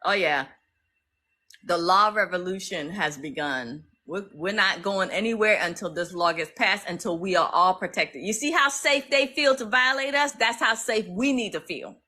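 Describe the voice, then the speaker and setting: A woman from the US East Coast, talking casually to viewers on a phone live stream in an emphatic, repetitive, excitable way. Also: mid-range voice, moderate pace. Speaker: legal activist streaming live.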